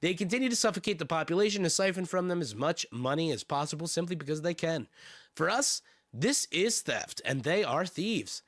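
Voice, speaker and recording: A man's voice: on the high side, lively intonation, fairly quick, fairly bright tone, no echo, clean studio sound. A man streaming casually, reading news aloud with sardonic, profane asides and laughs.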